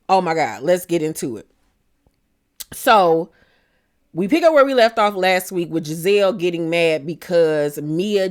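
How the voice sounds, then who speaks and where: A woman, hosting a casual reality TV recap and gossiping animatedly as she acts out the cast's lines. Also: on the low side.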